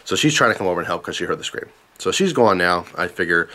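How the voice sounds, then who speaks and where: A man's voice: low voice, expressive, fast talker, bright, forceful tone. A man casually telling a story to camera, earnest and emphatic, repeating himself when tense.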